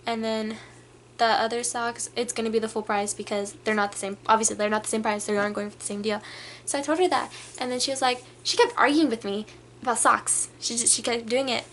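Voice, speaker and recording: A young woman telling a casual storytime rant to her camera, animated and full of filler words. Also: on the high side, a little fast, slight background noise. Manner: animated, filler-heavy, many "like"s, acts out customers. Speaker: vlogger.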